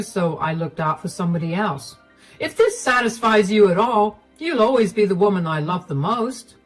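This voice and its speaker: A callous middle-aged husband who brushes off his wife with cold condescension, voiced by a woman telling the story. He sounds plain and unhurried rather than theatrical. A soft bed of music runs quietly beneath him. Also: mid-range voice, low-quality recording. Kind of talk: storytelling voice acting.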